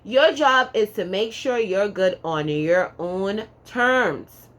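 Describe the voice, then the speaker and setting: A woman's voice: medium pitch, expressive. Sassy, profane woman reading tarot. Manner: sassy, profane, emphatic, keeps adding "okay?"; drawls some words slowly for emphasis. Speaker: tarot card reader. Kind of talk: casual pick-a-card tarot reading.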